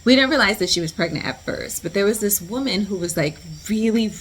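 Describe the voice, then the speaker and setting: A woman vlogger tells a storytime in a chatty, animated way, her voice at a middle pitch for a woman. She talks in slang, drops "like" everywhere, and turns to the viewer with asides. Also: fairly quick, a little hiss or hum. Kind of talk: storytime vlog.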